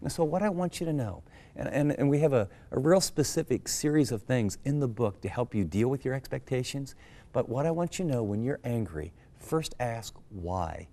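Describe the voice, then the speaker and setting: This middle-aged man from the United States is a pastor, teaching scripture in a conversational way at normal speed and medium pitch. Earnest and animated, he hammers his points with direct questions to the listener.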